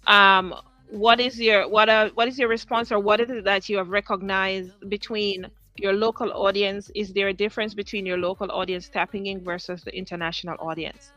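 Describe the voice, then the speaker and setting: A woman's voice: medium pitch, steady tone, moderate pace, hardly any pauses, bright, forceful tone, soft background music. A woman hosting a show, asking interview questions hesitantly with many "um" fillers. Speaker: radio show host. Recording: dry, dull lo-fi audio.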